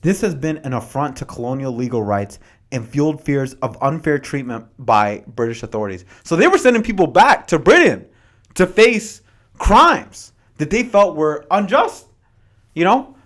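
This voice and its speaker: A man's voice: a little high, sing-song, normal speed, fairly bright tone. A man hosting a podcast, chatting casually about history, reading passages from notes and adding slangy, dramatized asides. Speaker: podcast host.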